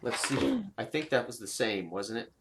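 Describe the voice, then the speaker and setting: A man running a tabletop game as game master, narrating with halting pauses and fillers. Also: on the low side, animated, noisy background. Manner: halting, many fillers and restarts while narrating.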